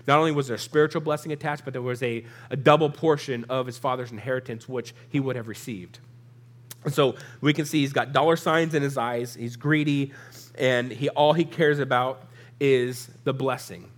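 A man's voice: mid-range voice, fairly even intonation, moderate pace. A man preaching a sermon, reading scripture aloud and explaining it in a loose, conversational way, with a stuffy, sniffling nose. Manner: casual, conversational Bible teaching with asides to the audience.

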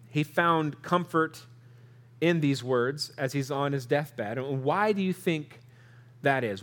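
A man preaching a sermon, reading scripture aloud and explaining it in an earnest, conversational way, asking the listeners questions. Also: mid-range voice. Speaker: pastor.

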